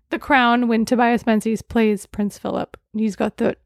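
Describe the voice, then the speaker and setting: A woman's voice: on the high side, fairly even intonation, a little slow, gravelly, no echo, studio quality. A woman co-hosting a podcast in casual chat about films, rambling and correcting herself as she goes. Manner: chatty, rambling, self-correcting. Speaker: podcast co-host.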